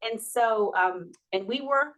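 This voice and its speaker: Animated woman telling her story. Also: fairly high pitch, unhurried. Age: 40s. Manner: animated, laughing, acts out quoted dialogue. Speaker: podcast guest. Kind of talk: personal storytelling in an interview.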